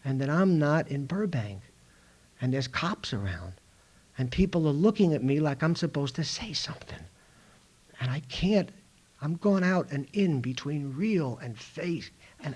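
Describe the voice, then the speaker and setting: Middle-aged guy with a high-ish voice telling his story at a meeting, acts out everybody's lines. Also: husky. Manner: animated storyteller acting out other people's lines. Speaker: recovery meeting speaker. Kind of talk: storytelling talk to a live audience. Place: meeting room in a school.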